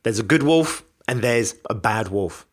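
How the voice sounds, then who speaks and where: A man voicing a wise old grandfather who gives slow, measured advice in a lowered voice. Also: animated. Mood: calm.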